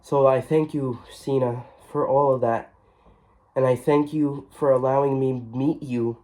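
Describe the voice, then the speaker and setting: A man's voice: medium pitch, fairly even intonation, measured pace, mellow. A man vlogging an emotional reflection, earnest and heartfelt, often repeating his phrases.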